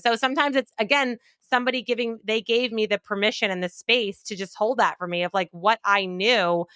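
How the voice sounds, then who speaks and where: Bright, chatty woman podcast guest. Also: a little high, fairly quick, hardly any pauses, clear, resonant tone, dry recording, clean studio sound. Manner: chatty, many "like" fillers, expressive quoting. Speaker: podcast guest, clinical nutritionist. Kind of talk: casual conversational interview.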